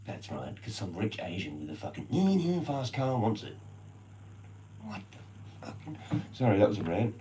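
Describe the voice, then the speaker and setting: A man's voice: deep voice, very animated, moderate pace, mellow, slight background noise, poor audio. An Australian man ranting casually on a live stream, rambling and swearing constantly in slang.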